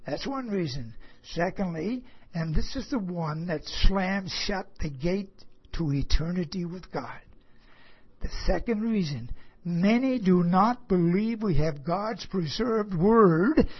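Husky, slow-talking preacher man. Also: high voice, expressive. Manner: earnest and rhetorical, asks the listeners questions. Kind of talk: sermon. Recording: dull lo-fi recording.

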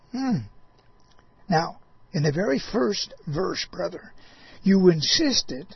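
A man's voice: high-pitched, gravelly, slightly rough, no echo, highs cut off. A man preaching a folksy sermon, talking directly to an apostle, drawling and chuckling with frequent "oh" interjections.

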